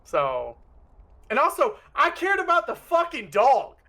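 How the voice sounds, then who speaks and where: A woman streamer in casual chat about a game, excitable and swearing, acting out her own reactions. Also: high voice, measured pace.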